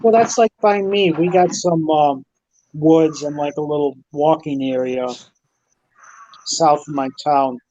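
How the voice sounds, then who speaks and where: A man telling a short story in casual chat, relaxed and a bit hesitant. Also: fairly high pitch, unhurried, dull audio, a little hiss or hum.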